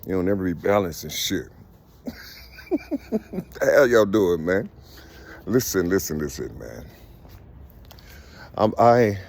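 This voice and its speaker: Deep-voiced middle-aged man rambling. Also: darkish tone. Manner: halting, many fillers and "you see"; swears freely. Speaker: vlogger. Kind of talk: casual rambling monologue.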